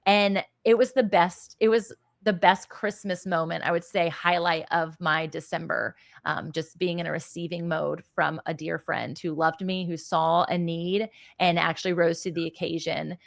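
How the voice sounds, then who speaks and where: A woman's voice: lowish voice, fairly even intonation, moderate pace, creaky, few pauses, dry recording, studio quality. A woman, a mother and podcast guest, telling a heartfelt personal story in a casual chat, earnest and effusive. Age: adult with children.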